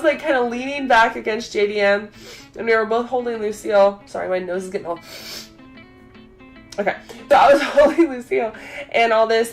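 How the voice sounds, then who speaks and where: A young adult woman vlogger telling a story in an excited, gushing, chatty way, full of fillers. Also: a little high.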